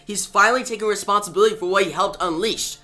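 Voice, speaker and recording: Man voicing a stern superhero woman, sharp, impatient, raised bright voice. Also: high voice, fast, faint music behind, pitched above the performer's own voice. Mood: urgent. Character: stern adult female superhero leader.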